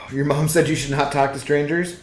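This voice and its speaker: Easygoing male game streamer, rambling chat, mid voice, echoey room, soft music behind. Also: on the high side. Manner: laid-back, rambling, reads chat aloud. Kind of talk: casual live-stream chat while gaming. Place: apartment living room. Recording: roomy echo with faint music.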